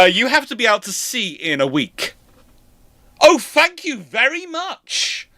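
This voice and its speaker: A man's voice: very high-pitched, sharp tone, dry recording, voice pushed up, exaggerated voice. A man voicing an exasperated male ship captain who complains sarcastically about a crew of strangers.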